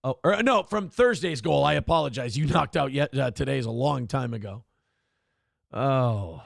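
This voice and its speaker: With lively intonation and a creaky voice at normal speed, a man hosts a morning talk show in a dry, studio-quality recording. He reads viewer comments offhandedly with sardonic mock indignation, curses freely, and mimics the quotes in a high sing-song voice.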